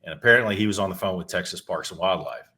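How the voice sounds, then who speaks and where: A middle-aged man with a fairly low voice tells a story in a casual, meandering way on a podcast. He swears freely and often trips over and restarts his words. The delivery is relaxed, like he is talking from home. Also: quick pace. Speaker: podcast co-host.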